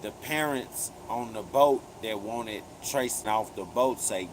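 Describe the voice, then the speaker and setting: A man's voice: lowish voice, unhurried, hardly any pauses, slight background noise, poor audio. A man hosting a live commentary stream, casually retelling events in profane street slang with heavy emphasis. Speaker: livestream commentary host.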